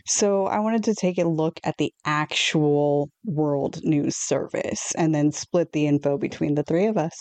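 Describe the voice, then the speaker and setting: A woman co-hosting a podcast in casual chat, now and then reading lore passages aloud. Her voice is mellow and slightly low, and the recording is dry and close. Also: unhurried, few pauses, dry recording. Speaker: podcast co-host.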